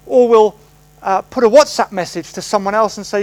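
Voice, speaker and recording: A man's voice: sits high, normal speed, low-quality recording. A man preaching a sermon in a conversational storytelling manner, acting out the voices he quotes. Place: church service.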